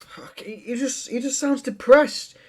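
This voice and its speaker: A man's voice: extremely high pitch, a little slow, a little mellow. A man hosting a reaction video, talking bluntly and swearing often as he critiques what he watches. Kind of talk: casual reaction commentary.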